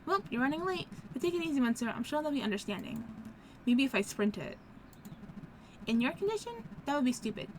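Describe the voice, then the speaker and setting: A chatty, friendly fisherman from a game, put on by a woman playing through it. He fusses cheerfully in a bright, raised voice. Noise hums steadily behind. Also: high voice, very animated, brisk. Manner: cheerful, fussing.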